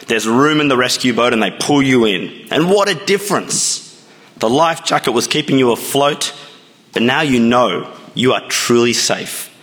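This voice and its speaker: A man's voice: mid-range voice, a bit bright. Man preaching in a reverberant hall. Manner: measured, storytelling, rhetorical questions. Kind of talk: sermon.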